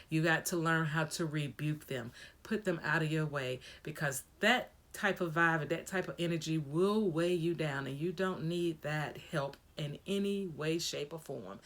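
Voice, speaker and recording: A woman's voice: sits low, a bit bright. A woman vlogger talking casually to her viewers in a video diary, giving an upbeat, preachy pep talk.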